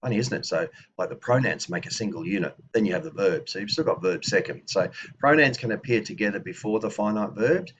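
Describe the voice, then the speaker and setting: A man teaching a language lesson, thinking aloud with restarts and slowing down to spell out example phrases. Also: lowish voice, animated, lo-fi sound, slight background noise. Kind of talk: explanatory lesson.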